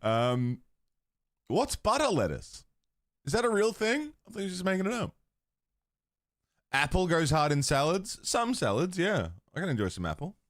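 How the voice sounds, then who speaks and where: Chatty, lively-voiced man streamer. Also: high voice, normal speed, pauses often, no room sound, clean studio sound. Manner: chatty, swears casually, laughs often. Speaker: livestream host. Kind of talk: casual chat with stream chat.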